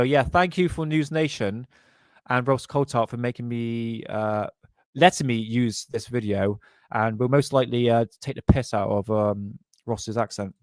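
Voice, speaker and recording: A man hosting a live stream, chatting loosely over the clips with sarcastic, jokey asides. His voice sits at a mid pitch and sounds very dry and close, with no room echo. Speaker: livestream host. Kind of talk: casual live commentary.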